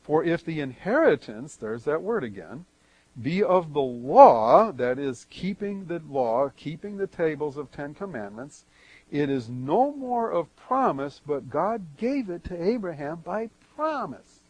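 Male preacher, fairly high voice, dry close sound, reads a verse then explains it, leans hard on key words and drops quiet. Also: very animated, a little slow, husky, no echo, rough recording. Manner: emphatic swings in loudness. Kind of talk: verse-by-verse Bible teaching.

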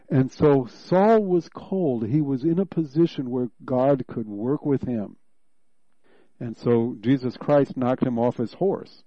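A man preaching a sermon, teaching from scripture verse by verse and reading passages aloud, with animated bursts when he voices what God is saying. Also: medium pitch, no room sound, lo-fi sound.

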